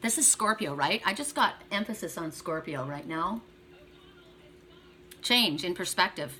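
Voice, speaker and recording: Bright-voiced woman giving an encouraging card reading. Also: on the low side, animated, unhurried, slight background noise. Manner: chatty and encouraging, talks straight to the viewer. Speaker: tarot and oracle card reader. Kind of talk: oracle card reading for viewers.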